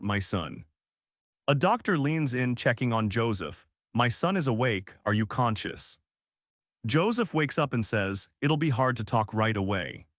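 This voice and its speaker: A man's voice: mid-range voice, no room sound. Dry-voiced male recap narrator. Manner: even read-aloud delivery, quoted lines read in the same voice. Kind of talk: scripted story recap narration.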